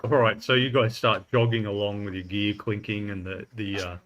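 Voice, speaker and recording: A man narrating as game master of a tabletop game, relaxed, with frequent laughs and ums. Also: fairly low pitch, normal speed, muffled recording, a little hiss or hum. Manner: relaxed, laughs often, fillers while describing.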